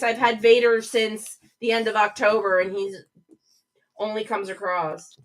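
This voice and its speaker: A woman's voice: medium pitch, level tone, measured pace. A middle-aged woman hosting her own live show from a home office, chatting casually and gushing as she answers viewers' comments. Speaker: host of a livestream show.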